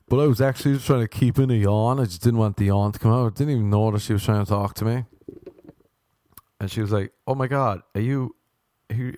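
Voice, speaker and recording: A man's voice: fairly low pitch, darkish tone, dry recording. A young man, hosting a podcast and rambling through comic stories about himself in a self-mocking way. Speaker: comedian podcast host. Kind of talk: casual comedic monologue.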